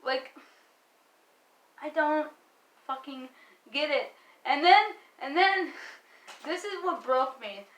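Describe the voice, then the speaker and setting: A young woman with a high voice rants as a fan, exasperated and emphatic, swearing freely. Her voice rings in an echoey room. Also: slow, pauses often, a bit bright. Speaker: wrestling vlogger. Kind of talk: ranting fan commentary.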